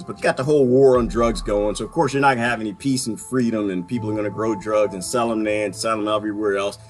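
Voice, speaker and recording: A man giving a ranting solo political commentary, sarcastic and animated, often jumping into high mocking voices. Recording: faint music behind.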